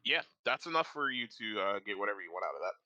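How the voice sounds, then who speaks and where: Animated game master guy, bright voice, dry close mic. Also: lowish voice, fast, no echo, muffled recording. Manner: animated, loose and laughing. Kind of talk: narrating a tabletop game.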